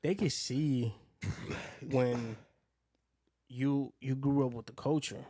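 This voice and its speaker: Slow and mellow, with a medium pitch and a steady tone, a male podcast co-host rambles through stories in relaxed conversation and acts out what others said.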